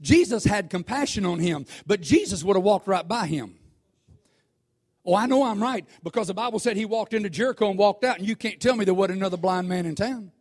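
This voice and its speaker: A man preaching a sermon, talking conversationally to the congregation and swelling into shouts. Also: high voice, lively intonation, brisk. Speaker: pastor.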